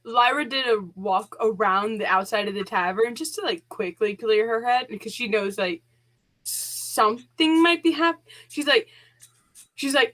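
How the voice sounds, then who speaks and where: A woman's voice: a little high, normal speed, a bit bright. A woman playing a tabletop game, rambling chattily through her character's actions. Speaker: player.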